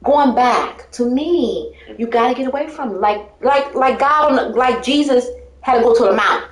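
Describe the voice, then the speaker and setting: A woman's voice: high voice, lively intonation, normal speed, reverberant. A woman telling her life story in casual talk, rambling and emphatic, often breaking into laughter.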